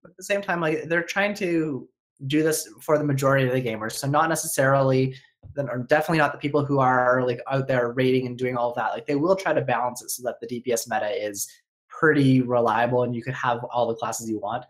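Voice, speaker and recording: A man co-hosting a casual gaming podcast, explaining his point in a measured way. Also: mid-range voice. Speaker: podcast co-host.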